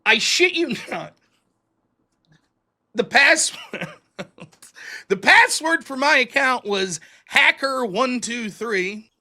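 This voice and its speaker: Male host, high and very lively voice, self-mocking storyteller who acts out dialogue. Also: slow, long pauses. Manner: animated, acts out both sides of dialogue. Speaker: livestream show host. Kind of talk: casual storytelling.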